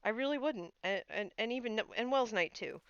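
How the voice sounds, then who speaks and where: A woman's voice: a little high, animated, normal speed, fairly bright tone, clean tone, dry recording, lo-fi sound. A woman streamer chatting casually while playing a game, telling stories with lots of fillers. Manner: chatty storyteller with frequent fillers. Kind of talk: casual gaming stream chat.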